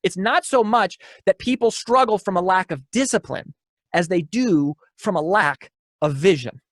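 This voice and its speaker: High-voiced male motivational speaker. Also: moderate pace, no echo, clean studio sound. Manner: energetic storyteller, repeats key lines, many restarts. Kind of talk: motivational keynote talk.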